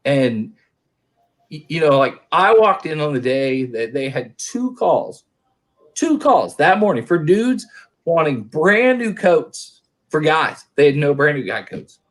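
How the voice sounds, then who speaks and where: A man's voice: fairly high pitch, big pitch swings, slow. A middle-aged man from Oklahoma telling stories in casual chat, rambling and restarting his sentences. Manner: rambling storyteller, many restarts.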